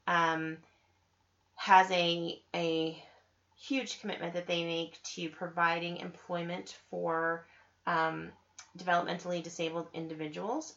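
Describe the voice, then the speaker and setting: Woman, podcast host, casual chat, enthusiastic, lower voice, muffled recording. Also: a bit bright. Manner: chatty, enthusiastic, many ums and asides. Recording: slightly dull lo-fi audio.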